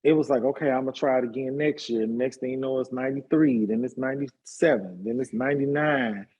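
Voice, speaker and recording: A man in his fifties, a hairstylist and party promoter, telling his life story in a relaxed interview with lots of fillers. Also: mid-range voice, fast, breathy edge, dull audio. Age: 50s. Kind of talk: casual conversational interview.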